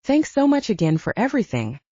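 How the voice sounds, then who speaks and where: A woman's voice: fairly high pitch, very animated, brisk, warm tone, dry recording, lo-fi sound, pitched above the performer's own voice. A woman voicing a tired young American man on a quest in an audiobook, speaking his lines in an easygoing, lifted voice. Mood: resigned.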